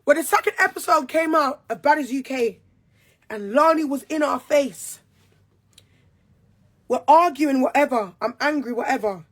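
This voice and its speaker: A woman's voice: high voice, expressive, normal speed, long pauses. A young woman, speaking in a heated, repetitive, confrontational monologue. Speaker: reality show cast member. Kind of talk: angry monologue to camera.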